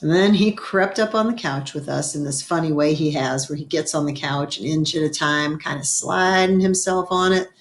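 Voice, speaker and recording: Storyteller: woman reading a children's chapter book aloud, expressive, clears her throat now and then. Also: sits low, normal speed, few pauses, slight background noise. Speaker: reader.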